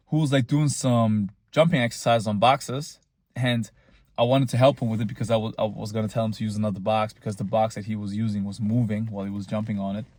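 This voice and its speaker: A man's voice: lowish voice, darkish tone, no room sound. A young man, rambling casually in a boastful, tongue-in-cheek monologue. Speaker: vlogger.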